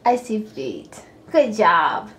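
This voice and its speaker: A woman's voice: medium pitch, sing-song, slow, fairly bright tone. A mother at home playing with her toddler, talking in a coaxing, singsong baby-talk voice and laughing often.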